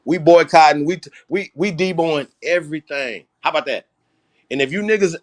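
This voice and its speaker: A man's voice: on the high side, moderate pace. A man hosting a livestream, talking bluntly and emphatically, with a lot of swearing. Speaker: host. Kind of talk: livestream political talk.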